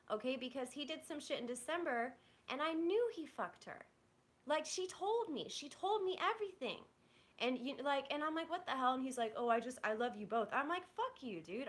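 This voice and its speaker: Young woman vlogger, bright and high, candid frustrated venting with swearing. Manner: rambling, blunt, profane, frustrated. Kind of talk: candid venting to a live audience.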